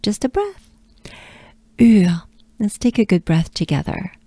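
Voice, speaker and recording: A woman from France with a French accent, coaching pronunciation patiently and repeating sounds in slow drills. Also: mid-range voice, wildly swooping pitch, mellow, dry recording. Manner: patient, coaxing, repeats sounds slowly with breathy asides.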